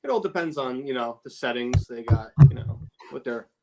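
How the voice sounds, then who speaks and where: A man's voice: mid-range voice, expressive, brisk, a loud crowd. Laid-back man, tobacconist co-host. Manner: laid-back, brief answers. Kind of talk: casual cigar podcast chat.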